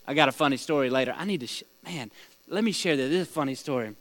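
This man speaks fast in a medium-pitched, slightly bright voice as he leads a small Bible study group, teaching in a conversational style with questions for the group and stories. The recording is rough, with no room sound.

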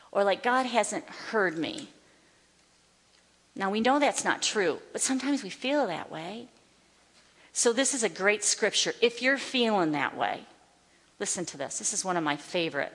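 A woman Bible teacher teaching from a stage, emphatic, slowing down to declare scripture. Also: medium pitch, fairly bright tone. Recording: long hall reverb.

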